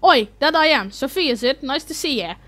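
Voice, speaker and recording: Woman reads a bright, folksy dwarf man, gruff but friendly craftsman, game voice. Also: sits high, animated, a little fast. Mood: welcoming.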